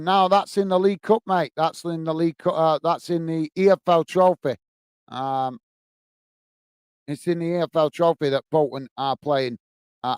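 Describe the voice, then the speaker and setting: A man's voice: a little high, darkish tone, smooth, dry recording. A man hosting a live football watch-along, chatting casually, reading out viewer comments and thanking them by name, easily frustrated. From England. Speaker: football channel host.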